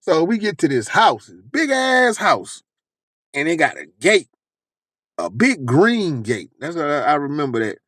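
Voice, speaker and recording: A man telling a long personal story in a casual, animated, profane way, acting out lots of dialogue. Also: a little high, normal speed, no room sound.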